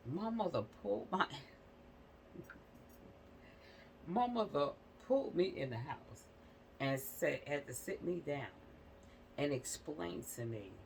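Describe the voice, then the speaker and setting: A woman hosts a casual commentary vlog on her channel, speaking bluntly and emphatically with mild profanity, often repeating herself and asking "you know what I'm saying". Her voice is low and gravelly, with slight background noise on a low-quality recording.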